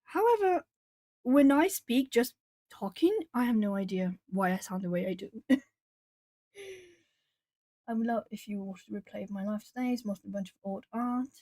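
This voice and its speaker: A woman's voice: mid-range voice, expressive, moderate pace, pauses often, mellow, dry recording. A woman from Brazil chatting casually on a live art stream, laughing often and answering viewers' comments as she colours. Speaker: artist streamer.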